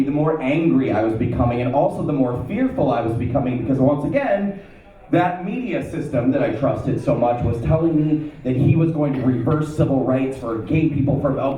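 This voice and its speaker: Animated man telling a story in an echoey hall. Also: a little high, lo-fi sound. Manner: animated, acts out his past self. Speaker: speaker at an event. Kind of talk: personal story told to an audience. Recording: echoey room, heard from a distance.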